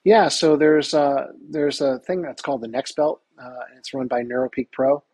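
A middle-aged man, a golf professional, telling stories in a casual interview with lots of energy, talking in quick bursts. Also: mid-range voice, steady tone, darkish tone, husky, no echo, poor audio. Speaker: guest, touring golf professional.

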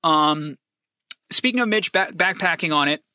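A basketball fan commentator delivering an impassioned, profane sports opinion rant, swinging between loud rapid-fire complaints and quieter rambling musings. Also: medium pitch, lively intonation, no room sound, studio quality.

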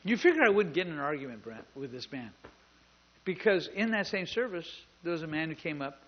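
A man with a notably high voice delivers a lively storytelling sermon as pastor, acting out both sides of conversations and teasing people in the pews. The sound is dull and lo-fi, like a modest church recording. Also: brisk, a little hiss or hum. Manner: animated, acts out dialogue, jokes with the congregation. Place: church service with live congregation.

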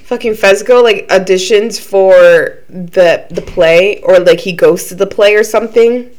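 A woman's voice: mid-range voice, measured pace, darkish tone. A young woman co-hosting a podcast, chatting casually, swearing a lot and laughing often. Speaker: podcast co-host. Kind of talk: casual chat.

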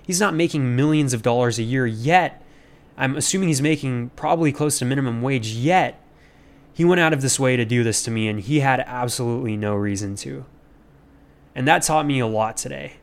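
A man's voice: mid-range voice, brisk. Earnest man musing on a podcast. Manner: earnest, rambling, many fillers and restarts. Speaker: podcast host. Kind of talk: casual reflective monologue.

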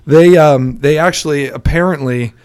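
A man co-hosting a podcast, telling film trivia in a relaxed, chatty way with fillers. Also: a little high, moderate pace, smooth. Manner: chatty storyteller, many fillers and laughs. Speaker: podcast co-host.

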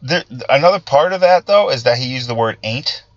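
Halting man with a low-fi sound. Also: lively intonation, dry recording, dull audio. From Italian-American background. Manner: halting, many restarts and fillers, conversational. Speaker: political commentary host. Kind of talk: casual political monologue.

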